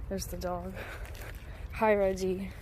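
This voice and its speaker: A young woman filming a casual barn vlog outdoors. She swears freely and coos at the animals in a high, sing-song voice. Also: little pitch movement, slow, mellow, a little hiss or hum. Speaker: vlogger.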